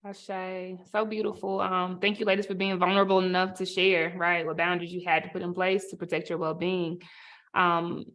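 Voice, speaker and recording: A woman wraps up a virtual panel on a video call. She speaks in a measured, affirming way, thanking the speakers. Her pace is unhurried and she often pauses with small fillers. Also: lowish voice, level tone, fairly bright tone. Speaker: panel moderator.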